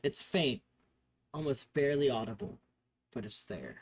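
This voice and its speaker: Very animated and husky, this medium-pitched male voice moves at a moderate pace as he narrates a tabletop game. As game master he improvises scenes, leaning on fillers and often fixing his wording mid-sentence.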